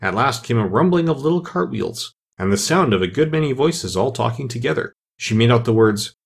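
A male narrator reads a storybook aloud, shaping every line with very lively, expressive pitch. His voice has a light husky texture. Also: brisk, few pauses. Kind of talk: audiobook narration.

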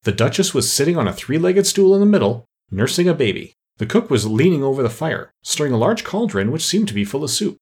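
A man narrating an audiobook with an expressive, varied delivery. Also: a little high, fairly quick, hardly any pauses, breathy edge.

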